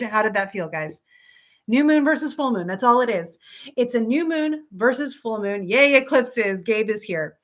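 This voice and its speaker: A woman's voice: on the high side, fairly bright tone. A woman hosting a casual live stream, explaining astrology in an upbeat, chatty way, answering viewers by name with frequent ums and light laughs. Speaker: astrology teacher and livestream host.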